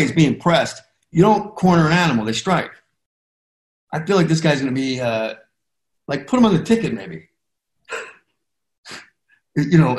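A man hosting an interview show, talking in a passionate, rambling and emotional way. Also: a little high. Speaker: podcast host. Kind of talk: interview conversation. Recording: roomy echo.

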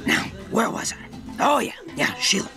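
An actor voicing a grumpy middle-aged female office clerk in a cartoon, with a gravelly voice and a gossipy, griping way of talking. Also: normal speed, lightly acted. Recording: cartoon clip with music behind. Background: music.

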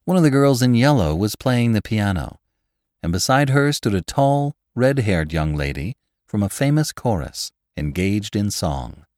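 A man narrating a classic novel in an expressive, measured reading. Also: fairly low pitch, no echo, studio quality. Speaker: audiobook narrator.

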